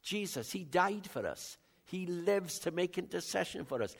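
Older male pastor, sermon, chatty bantering delivery, slightly high voice. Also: expressive, normal speed, vocal fry, slightly rough. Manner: conversational preaching, bantering with the congregation, big swings in loudness.

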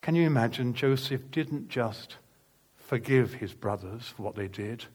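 A man's voice: mid-range voice, animated, a little slow, darkish tone, slightly rough. A man preaching a sermon, telling a personal story in an earnest, emphatic way and acting out the dialogue as he goes. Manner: earnest, emphatic testimony with vivid retold dialogue.

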